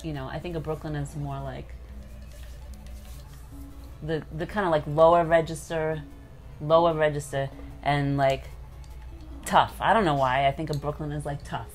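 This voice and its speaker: A woman chatting casually on a game stream, rambling and quick to laugh. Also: sits low, fairly even intonation, faint music behind. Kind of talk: casual chat.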